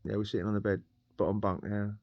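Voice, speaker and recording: A man's voice: fairly low pitch, flat delivery, fast, dry recording, dull audio. A man telling a rambling personal story in casual slang, laughing often. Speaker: podcast guest telling a prison story.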